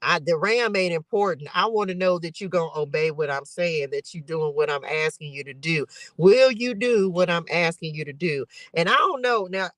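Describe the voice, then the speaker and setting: A woman's voice: fairly low pitch, fairly bright tone, no room sound, low-quality recording. A woman hosting a casual Bible study livestream, talking emotionally and straight to her viewers. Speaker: livestream host.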